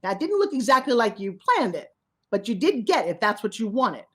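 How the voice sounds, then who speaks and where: A woman with a slightly high voice delivers a motivational talk with animated energy. She speaks straight to her listeners with urgency and slips into quick acted-out exchanges to drive her points home. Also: breathy edge. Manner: animated, acts out little dialogues; direct, urgent address to listeners.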